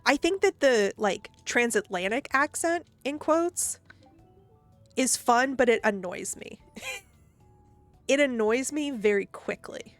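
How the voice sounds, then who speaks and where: A woman's voice: a little high, animated, takes it slowly, long pauses, no echo, soft background music. Chatty Midwestern woman streamer. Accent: Midwestern American with a touch of Southern. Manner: chatty, giggly, thinking aloud. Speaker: live streamer. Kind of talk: casual live-stream chat, reading viewer comments.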